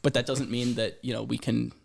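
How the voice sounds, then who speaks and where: Earnest man with a gravelly voice. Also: mid-range voice, little pitch movement, brisk. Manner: earnest, repeats words while building a point. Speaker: fish shop co-founder. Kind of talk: casual podcast chat. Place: living room of a home.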